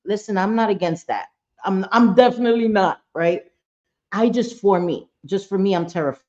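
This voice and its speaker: A woman's voice: medium pitch, moderate pace, a little mellow. A woman hosting a livestream, chatting casually in a mid-range voice. She talks bluntly and swears a lot, and breaks off to greet viewers by name. The audio is dull and lo-fi. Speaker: livestream host.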